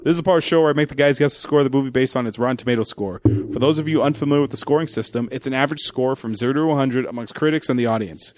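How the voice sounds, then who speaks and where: Fast-talking man hosting a podcast quiz. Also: mid-range voice, darkish tone, no echo. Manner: fast, reads trivia and game rules. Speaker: podcast host running the quiz. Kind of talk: casual podcast banter.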